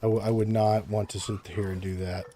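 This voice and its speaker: Casual streamer, young man, low voice, mellow tone, stumbles over words, laughs a lot. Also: little pitch movement, moderate pace, slight background noise. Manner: stammers and repeats words, laughs often. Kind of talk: casual live-stream chat while gaming. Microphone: close desk microphone.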